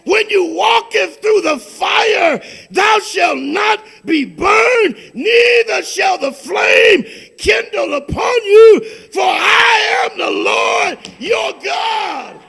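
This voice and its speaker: A man preaching a fervent sermon as pastor, dropping to a hush and then building to shouted, repeated lines. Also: extremely high pitch, lively intonation, extremely slow, vocal fry, some chatter behind.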